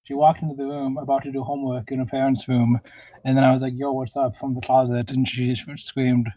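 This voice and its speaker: A man's voice: mid-range voice, level tone, fast talker, warm tone, dry recording, rough recording. A man co-hosting a casual podcast review, rambling and laid-back, recording in a closet at a friend's house over a call. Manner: laid-back, rambling, lots of likes and uhs. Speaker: podcast co-host. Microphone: remote call recording.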